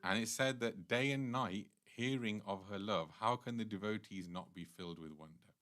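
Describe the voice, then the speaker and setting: Deep-voiced man telling a devotional story. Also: normal speed, fairly bright tone. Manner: earnest, explanatory storytelling with frequent restarts. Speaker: temple speaker. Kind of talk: devotional class, storytelling sermon.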